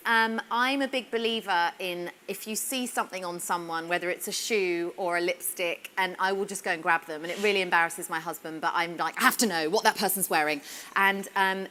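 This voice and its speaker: A woman with a bright, sharp voice tells lively stories on a beauty panel and jokes about herself as she goes. Her pitch sits in the middle, and she speaks at a live fashion event. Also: a little hiss or hum. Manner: animated storyteller, playful and self-mocking. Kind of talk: casual panel talk.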